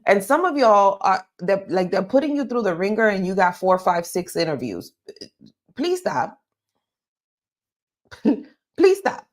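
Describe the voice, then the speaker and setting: In a mid-range, animated voice at normal speed with hardly any pauses, a career coach delivers live advice. She addresses listeners head-on, stresses her points, and keeps asking "okay?".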